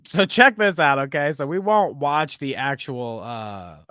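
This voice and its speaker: Male podcast host, slightly high voice, giggly and loose, dry close mic. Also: unhurried, bright, forceful tone, clean tone, no room sound. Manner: laughs often, rambling. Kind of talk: casual chat.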